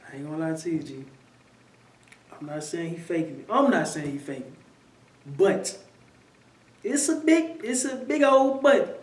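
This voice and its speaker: A man's voice: high-pitched, very animated, moderate pace, pauses often, echoey room, recorded from a distance, low-quality recording. A man chatting casually as a commentator, telling a story in loose slang and repeating himself. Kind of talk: casual chat.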